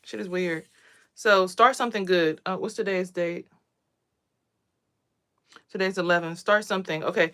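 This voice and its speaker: Woman, young adult, lowish voice, blunt, profane, ranting vlog monologue. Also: normal speed, long pauses. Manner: animated, swings louder when worked up. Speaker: spiritual vlogger and reader. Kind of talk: casual monologue to camera.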